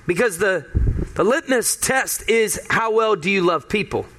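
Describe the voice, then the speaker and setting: A man's voice: high voice, lively intonation, unhurried, a bit bright, a little hiss or hum. A male pastor giving a conversational sermon, emphatic and fond of repeating key phrases.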